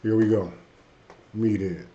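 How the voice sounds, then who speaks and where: A man hosting a casual live stream, chatting loosely with viewers and saying his energy is low tonight. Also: unhurried, dark tone. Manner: loose and conversational, frequent "hey" and "you know what I mean". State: a bit under the weather, low energy. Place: at home. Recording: dull lo-fi stream audio.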